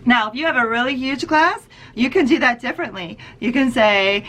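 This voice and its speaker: Female preschool teacher, high bright pitch, casual explainer with sing-song bursts. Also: normal speed, few pauses. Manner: casual, chatty, with fillers. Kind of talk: explaining and demonstrating circle-time songs.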